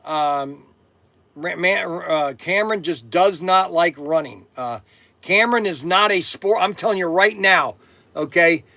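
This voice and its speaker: A man in his sixties from Ohio, hosting a rambling live stream for his toy shop, excitable and repeating himself. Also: high voice, a little slow, vocal fry, dry recording. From Ohio, USA. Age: 60s.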